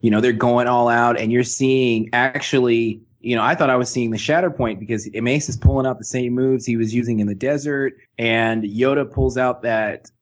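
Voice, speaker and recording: A man in a casual chat, talking excitedly and rambling with fillers. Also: mid-range voice, moderate pace, few pauses.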